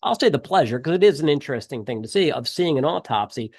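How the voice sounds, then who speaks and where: A man's voice: mid-range voice, lively intonation, fast, a little mellow, slightly rough, dry recording. A middle-aged man giving a casual, conversational exam review lecture, full of fillers and restarts. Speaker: instructor.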